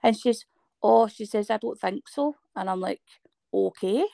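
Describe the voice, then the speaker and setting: A woman's voice: mid-range voice, unhurried, vocal fry, dry recording. A Scottish woman in her thirties, telling a personal story in conversation and acting out what people said to her. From Scotland. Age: 30s. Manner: animated storytelling, acting out quoted dialogue. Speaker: guest.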